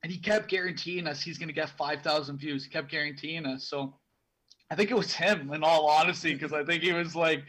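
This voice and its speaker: A man's voice: a little high, steady tone, brisk, fairly bright tone, poor audio. A young man co-hosting a podcast in casual chat, rambling with many restarts. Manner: rambling, full of restarts and fillers. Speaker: podcast co-host.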